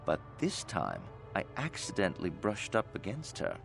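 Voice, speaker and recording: A guarded, wary witness. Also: male voice, deep voice, wildly swooping pitch, normal speed, creaky, full character voice. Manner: guarded, reluctant, drawling. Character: wary male witness in a cantina-like hotel, guarded and streetwise. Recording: game audio with faint music.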